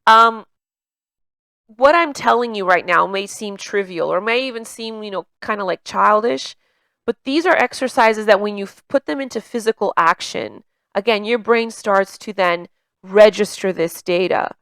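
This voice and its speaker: An emotional intelligence coach talks casually in a mid-range, fairly bright voice with a clear, resonant tone, at a moderate pace and with no echo. She's conversational, full of fillers like "you know" and "like," and a slight stutter makes her repeat words mid-sentence.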